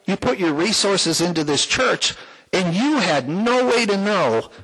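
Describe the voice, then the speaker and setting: A man's voice: high voice, very animated, measured pace, fairly bright tone, slightly rough, low-quality recording. A man giving a folksy, heartfelt personal testimony to a church congregation, with small jokes along the way. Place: church sanctuary, before the congregation.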